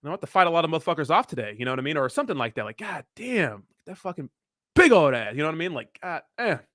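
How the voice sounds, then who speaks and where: A young man with a slightly high voice talks casually on a livestream, answering chat in a blunt, profane, rambling way full of fillers. He is close to the mic in a small, very dry room. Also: lively intonation, rapid-fire, fairly bright tone, no room sound. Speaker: crypto livestream host. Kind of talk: casual livestream chat reading viewer comments.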